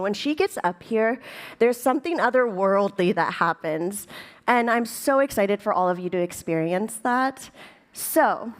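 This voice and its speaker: A woman hosting a live event, enthusiastically introducing a guest to the stage. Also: fairly high pitch. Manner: enthusiastic, hyped. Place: large event room with live audience.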